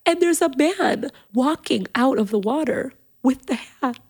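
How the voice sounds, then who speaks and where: A woman with a fairly high voice and a gravelly edge tells a personal story as a podcast guest. She speaks emotionally and with animation, full of fillers and restarts. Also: lively intonation, a little slow.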